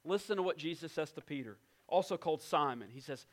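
A man preaching a sermon as pastor, emphatic, slowing down and dropping to a hush on key points. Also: on the high side, lively intonation. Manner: emphatic, slows down and drops to a hush for weight. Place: church in West Virginia.

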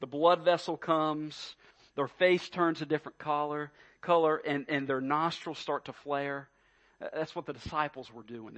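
A man's voice: a little high, bright, forceful tone. A man preaching a sermon, emphatic and full of rhetorical questions, often repeating his words. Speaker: pastor.

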